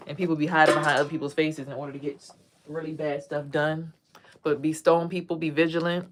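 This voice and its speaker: A woman's voice: low voice, level tone, brisk, noisy background. A woman giving a casual tarot reading on a phone livestream, chatting to viewers and drifting between the cards and asides. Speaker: tarot reader.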